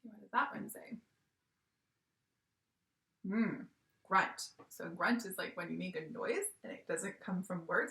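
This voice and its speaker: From home, a young woman teaches a video lesson to young children, cheerfully and animatedly acting out each word she says. Her fairly low voice has vocal fry, and she speaks unhurriedly with long pauses. The room gives her voice an echo.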